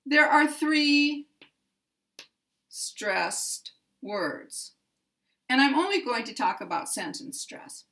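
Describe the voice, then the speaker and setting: Very slow, deliberate American woman teacher. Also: sits high, sing-song, sharp tone. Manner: exaggerated stress and intonation for demonstration. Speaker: pronunciation teacher.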